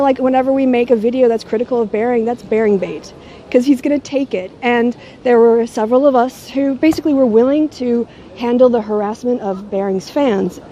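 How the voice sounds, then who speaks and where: A middle-aged woman with a mellow, somewhat high voice holds a handheld camera at arm's length. She's a YouTuber in a casual talking-head vlog, speaking in a sardonic, mocking way.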